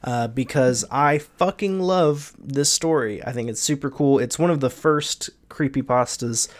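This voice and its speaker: A man's voice: medium pitch, a little slow. A young man hosting a podcast, bantering with casual profanity and reading a creepypasta aloud. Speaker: podcast host.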